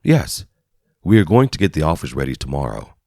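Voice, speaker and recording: A man's voice: a bass voice, sing-song, a little fast, vocal fry, mellow, no room sound, heavily acted. A man voicing a young woman lawyer in her twenties in an audiobook, lifting his delivery for her lines. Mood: candid. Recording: dry studio voice-over.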